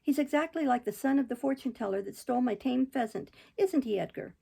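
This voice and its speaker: A spoiled, lisping little girl, whiny and petulant, as a woman reads her part. The voice sits a bit high, with a gravelly, husky texture. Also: animated, quick pace, dark tone, full character voice.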